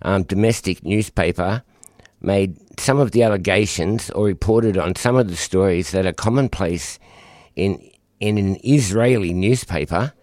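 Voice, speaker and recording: A man hosting community radio, talking in a casual, halting way with many ums and restarts. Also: low-pitched, a little mellow, no room sound, studio quality. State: out of breath. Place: radio studio.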